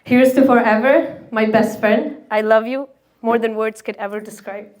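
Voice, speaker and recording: A woman's voice: a little high, steady tone, darkish tone, slight background noise. A woman giving a sincere, heartfelt speech to her best friend before the wedding. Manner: sincere and measured. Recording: echoey room.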